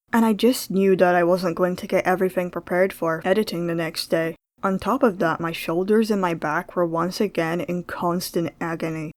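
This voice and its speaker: A young woman narrating her own animation project in a calm, reflective vlog voice. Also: lowish voice, no room sound. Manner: flustered, exasperated, laughing and near tears. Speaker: animator vlogger. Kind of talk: vlog narration and screen-recorded reactions. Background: background music.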